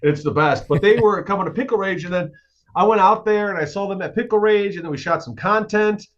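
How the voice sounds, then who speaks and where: A man guest co-hosting a podcast in casual chat, telling stories excitedly with plenty of swearing. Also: high voice, brisk, muffled recording. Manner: excitable, swearing, lively storytelling. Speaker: guest co-host.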